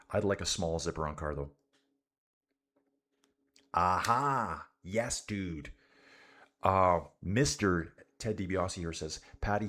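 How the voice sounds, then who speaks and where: Deep-voiced laid-back Canadian man. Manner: laid-back, says "dude" a lot, chats with viewers. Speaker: cycling livestream commentator. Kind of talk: casual live race commentary and chat.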